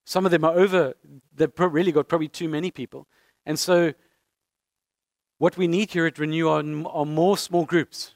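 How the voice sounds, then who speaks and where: Man, pastor, sermon, high-pitched, earnest, repeats phrases for emphasis, dry close sound. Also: fairly even intonation, moderate pace, no room sound.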